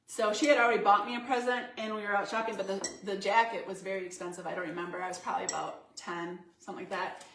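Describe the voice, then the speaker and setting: A woman co-hosting a casual home talk show, chatty and quick to laugh. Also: mid-range voice, flat delivery, background noise. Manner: giggly, chatty. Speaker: co-host. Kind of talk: casual chat. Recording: echoey room, mic at a distance.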